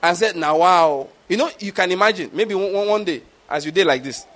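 A man preaches in a notably high voice. His sermon delivery is animated, and he keeps asking whether his listeners get his point. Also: a little fast.

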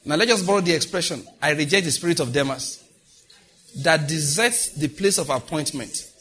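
A man's voice: fairly high pitch, moderate pace, a bit bright, husky. A man preaching a sermon, reading scripture and leading the congregation in repeated declarations with emphatic delivery.

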